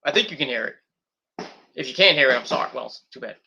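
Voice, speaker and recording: Male podcast host, casual profane rant, bright sharp tone, animated delivery. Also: medium pitch, fast talker, creaky, lo-fi sound, slight background noise. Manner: blunt and profane, with frequent fillers. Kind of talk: casual ranting monologue. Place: at home at night, indoors.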